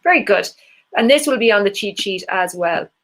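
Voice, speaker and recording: Irish woman, singing teacher, encouraging workshop leader, demonstrates vocal warm-ups. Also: medium pitch, animated, normal speed. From Ireland. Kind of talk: live online singing workshop.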